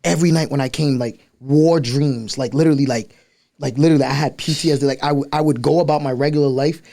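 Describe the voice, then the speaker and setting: A young man from Liberia speaks quickly on a podcast, telling his life story in easy, casual chat. He slips into voices for the people he remembers. His pitch sits in the middle range. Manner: animated, acts out voices in his stories. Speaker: podcast guest.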